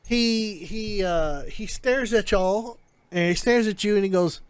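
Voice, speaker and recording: Guy gm narrating a tabletop game, kinda rambly, high voice. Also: measured pace, clear, resonant tone, no room sound. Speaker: game master.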